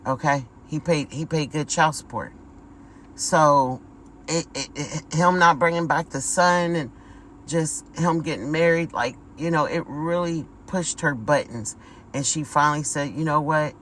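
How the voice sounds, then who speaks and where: A woman's voice: low voice, a little slow, a bit bright, slight background noise, poor audio. A woman giving a casual spiritual vlog monologue, talking emphatically, repeating words and calling her viewers y'all. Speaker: spiritual vlogger.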